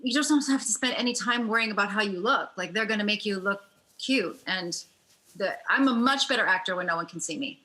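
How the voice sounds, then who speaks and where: A woman's voice: medium pitch, brisk, sharp tone. A woman on a talk show gushing eagerly about voice acting. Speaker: talk show guest, actress.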